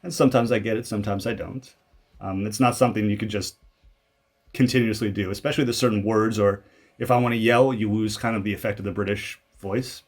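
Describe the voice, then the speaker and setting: A man's voice: fairly low pitch, fairly even intonation, brisk. A young man from Canada giving casual commentary over his own old video, rambling and poking fun at himself, with many fillers and restarts.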